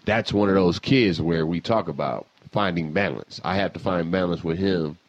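A man's voice: deep voice, normal speed. A man hosting a casual chat, talking bluntly and emphatically with lots of swearing. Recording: slightly dull lo-fi sound.

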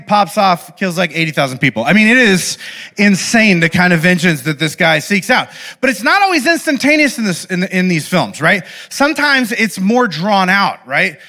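A young man speaking to a live audience in an animated, playful way, often checking in with the audience. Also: high-pitched. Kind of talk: lively talk to a live audience.

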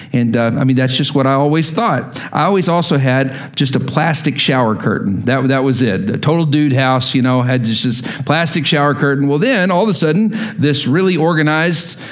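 A man preaching a sermon to his congregation, telling stories with lively acted-out quotes. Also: medium pitch, normal speed, hardly any pauses. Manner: animated storytelling with acted-out quotes. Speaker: pastor.

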